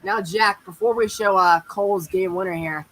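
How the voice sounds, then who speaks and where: A man's voice: high-pitched, steady tone, normal speed, a crowd in the background, low-quality recording. A man with a Southern US accent hosting a casual sports chat stream, upbeat, with announcer-style hype calls. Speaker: host.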